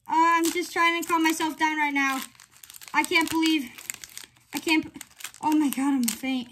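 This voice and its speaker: A woman's voice: high-pitched, fairly even intonation, moderate pace, fairly bright tone. A woman hosting her own channel, giving casual commentary as she reads off items one by one in short phrases. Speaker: channel host. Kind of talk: casual card-opening commentary.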